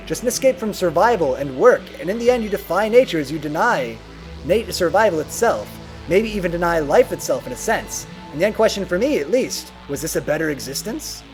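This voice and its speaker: Man, streamer, high voice, very lively pitch, slightly worn voice, faint game music behind. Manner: chatty, reads game text aloud, hums and scats to himself. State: losing his voice a little. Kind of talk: casual live game stream chat.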